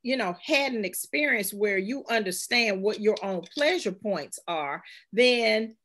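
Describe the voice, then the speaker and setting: A woman guest, a sexual health expert, explaining her points in measured conversation, tying them together with "and so". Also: medium pitch, animated, fairly bright tone. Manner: measured, chains points with "and so" and "you know".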